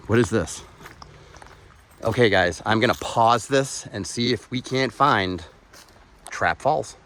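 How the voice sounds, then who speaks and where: A man's voice: on the low side, slow pace, fairly bright tone. A man narrating a walking vlog outdoors on his phone, exclaiming in awe, now and then swearing and out of breath. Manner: exclaiming, awestruck, swears, talks to viewers. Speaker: vlogger exploring old bridges. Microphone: phone camera.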